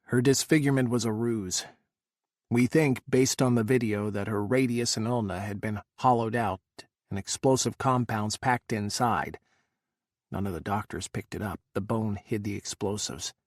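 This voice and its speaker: A man voicing an exhausted male Secret Service agent, speaking low, measured and somber. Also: no echo, clean studio sound, lightly acted. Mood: grim.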